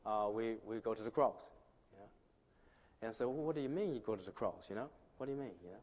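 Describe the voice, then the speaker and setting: A man preaching a sermon as pastor, conversational with restarts, swinging from quiet asides to loud emphatic lines. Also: lowish voice. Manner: conversational, many restarts and "you know". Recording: long hall reverb.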